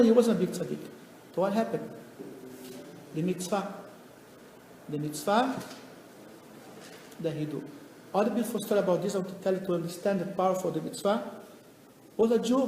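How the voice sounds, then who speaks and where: A man who is a rabbi, telling stories in a lecture with animated delivery and non-native phrasing. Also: high-pitched, a little fast, long pauses. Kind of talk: storytelling lecture. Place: lecture venue. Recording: echoey hall, faint noise.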